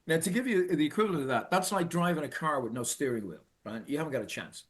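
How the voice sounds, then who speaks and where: A middle-aged Irish man telling a personal story in an earnest, halting way, restarting and repeating phrases for emphasis. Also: a little high, lively intonation. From Ireland. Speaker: speaker telling his own story.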